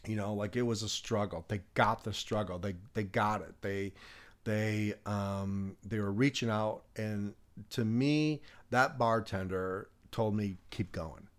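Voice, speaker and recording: A man's voice: fairly low pitch, steady tone, a little slow. A man telling a long personal story in a casual chat, rambling with many restarts and fillers, often laughing as he talks.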